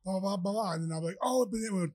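A man who is a professional fighter, chatting as a podcast guest and telling rambling, animated anecdotes. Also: high-pitched, rapid-fire. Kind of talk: casual storytelling.

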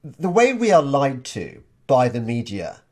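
A man's voice: medium pitch, big pitch swings, a little mellow. Guy hosting a podcast, voice goes up n down a lot, stumbly chatty style. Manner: halting, repeats words as he restarts. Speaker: podcast host. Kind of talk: casual interview chat.

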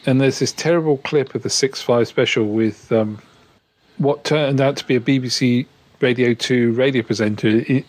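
A man chatting as podcast co-host, telling wry, animated anecdotes. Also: medium pitch. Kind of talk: casual chat about old TV.

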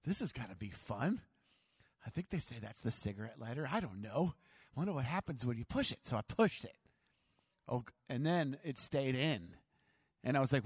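A man telling a self-mocking childhood story as a sermon to his church, animated and dramatic. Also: high voice, moderate pace, pauses often, no room sound.

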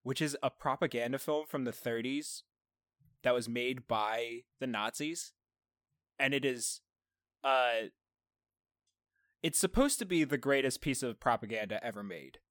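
A man's voice: medium pitch, a little slow, pauses often, a bit bright, no room sound, clean studio sound. A young man co-hosting a casual movie podcast, telling stories with a joking, laughing manner. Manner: laughing, jokey storytelling. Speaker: podcast co-host.

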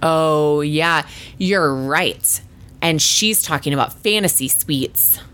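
A woman co-hosting a casual podcast, talking about reality TV in an animated, exasperated way and swearing freely. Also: sits low, takes it slowly. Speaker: podcast co-host. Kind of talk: casual reality-TV recap chat.

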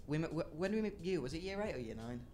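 A man's voice: on the high side, lively intonation, rapid-fire, a little mellow, a little hiss or hum. A young man co-hosting a casual podcast, chatting and laughing with friends. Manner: chatty, laughs often, reads out listener questions. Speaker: podcast co-host. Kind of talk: casual chat among friends.

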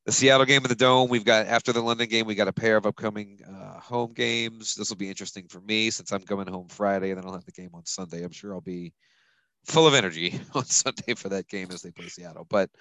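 Easygoing male podcast host, low voice. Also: quick pace, fairly bright tone, dry recording, rough recording. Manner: chuckles often, loose and rambling. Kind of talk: casual sports chat.

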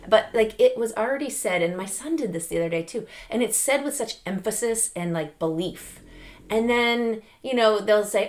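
A middle-aged woman hosting a podcast, giving an animated, chatty motivational talk with lots of fillers and laughs. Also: mid-range voice, brisk. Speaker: podcast host. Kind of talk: casual motivational monologue.

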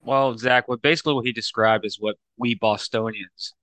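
A man's voice: mid-range voice, steady tone, normal speed, a bit bright, no room sound, rough recording. A man co-hosting a sports show, chatty and joking while asking questions. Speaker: co-host. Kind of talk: casual sports podcast chat.

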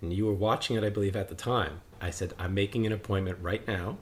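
A man co-hosting a casual chat, an animated storyteller who acts out quotes and laughs often. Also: fairly low pitch, fast talker, a little hiss or hum. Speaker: podcast co-host.

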